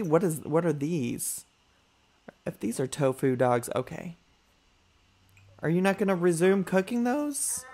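A man's voice: a little high, a little slow, pauses often, darkish tone. A man giving chatty let's play commentary, calling his viewers y'all and talking back to his character with sass. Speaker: gaming YouTuber.

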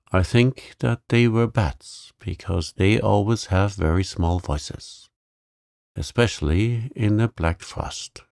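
A man reading a bedtime sleep story in a calm, soothing, gravelly voice. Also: sits low, dry recording, clean studio sound. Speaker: narrator.

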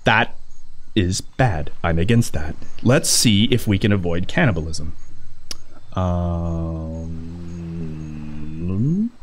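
A man playing a video game and commenting, excitable and jokey, cursing and cheering at his own progress. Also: low voice. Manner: excitable, swearing, joking to himself; blind gamer. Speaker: let's play gamer. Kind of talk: gaming commentary.

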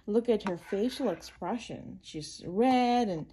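A woman reads a children's picture book aloud for her channel, pausing to explain each page in plain, simple words. She talks slowly and unhurriedly, in a soft, mellow voice. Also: medium pitch, a little hiss or hum.

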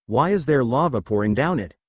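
A man's voice: medium pitch, expressive, brisk, no room sound, lightly acted. A man voicing a grumpy, curious young boy in a fan story reading. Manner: grumbling.

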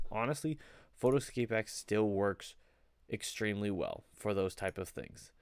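A man's voice: fairly low pitch, expressive, a little slow, smooth, no echo, studio quality. A young man talking casually to camera as a video creator, rambling a little with plenty of fillers. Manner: conversational, rambling, many fillers. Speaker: photo editing video creator. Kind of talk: casual vlog commentary.

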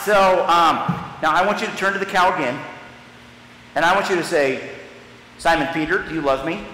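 A man's voice: sits high, pushed and bright, a little hiss or hum. A man serving as pastor, leading a children's message in a church sanctuary, guiding the kids through a story in a stop-start, playful way. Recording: echoey church hall, live stream.

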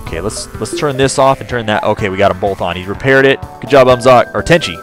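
A man giving casual let's play commentary, chatting to his crew and breaking into excited outbursts. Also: fairly low pitch, quick pace. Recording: game music behind voice.

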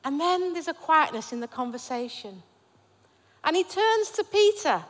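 High-voiced woman preaching in a hall. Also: big pitch swings, normal speed. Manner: emphatic, repetitive preaching cadence. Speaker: pastor. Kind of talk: sermon. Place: church.

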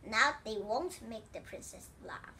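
A woman reading the lines of an excitable, fussy king in a children's storybook, exclaiming and shouting orders. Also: on the high side, a little slow, recorded from a distance, noisy background. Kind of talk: storybook read-aloud.

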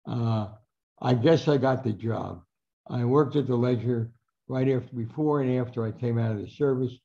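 An older man with a gravelly, mellow voice spins anecdotes as a guest speaker and acts out the voices of the people in his stories. The recording is muffled and lo-fi. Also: mid-range voice, normal speed. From New Jersey. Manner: animated anecdotal storyteller, acts out quoted lines. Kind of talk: storytelling talk.

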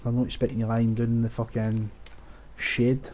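A man giving live, profane, rambling commentary over his own gameplay, breaking into excited outbursts. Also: medium pitch, normal speed. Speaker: gaming channel host.

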